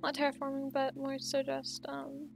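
Woman gaming streamer, high voice with gravelly fry, bubbly and foul-mouthed. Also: completely flat delivery, normal speed, music in the background. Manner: bubbly, affectionate, swears freely. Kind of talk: casual chat while playing.

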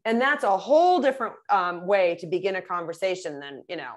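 A middle-aged woman speaking as a guest in an interview, telling stories and acting out the voices of the people in them. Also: brisk. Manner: lively, acts out quoted voices with big pitch jumps. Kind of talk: animated storytelling in an interview.

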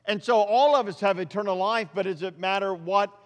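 A man preaching a sermon as pastor, emphatic, repeating phrases and swinging between loud and quiet. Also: high-pitched, brisk, long reverb tail.

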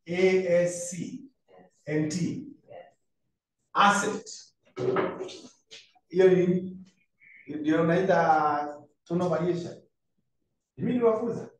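A man's voice: high voice, takes it slowly, pauses often. A man with a Kenyan accent teaching a revision lesson to a class, asking students questions and mixing in Swahili phrases. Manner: conversational, quizzes students, mixes in Swahili phrases. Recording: echoey room, far from mic, faint noise.

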